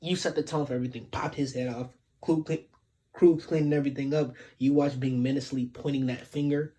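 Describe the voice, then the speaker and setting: A man talking through an anime episode in an easygoing, slang-filled way. His voice sits at an ordinary middle pitch. He retells the scenes with animated energy and plenty of filler words. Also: a little fast. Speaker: anime recap host. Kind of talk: casual episode recap.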